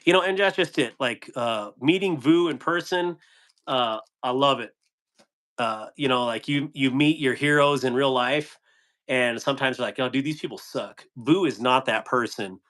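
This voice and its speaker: A man's voice: medium pitch, normal speed, a bit bright. Chatty, laughing man hosting a live stream. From United States. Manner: laughing, rambling, reading chat. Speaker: knife channel host on a live stream. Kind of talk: casual live-stream chat.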